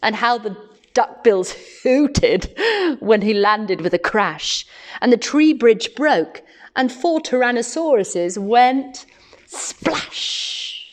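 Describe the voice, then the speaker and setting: A woman reading a picture book aloud to children, animated and expressive, often laughing. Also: fairly high pitch, slow pace. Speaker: storyteller.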